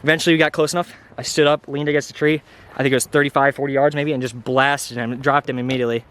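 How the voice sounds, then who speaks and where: Breathless excited young man outdoors. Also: medium pitch, quick pace. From Iowa. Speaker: hunting vlogger. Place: outdoors in a field.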